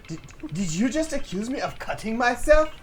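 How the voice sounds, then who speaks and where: A man's voice: very high-pitched, very animated, moderate pace, slight background noise, pitched above the performer's own voice. A man voicing an angry, defensive teenage girl from a visual novel, sputtering with indignation. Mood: outraged. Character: angry defensive teen girl club member. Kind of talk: voicing game dialogue.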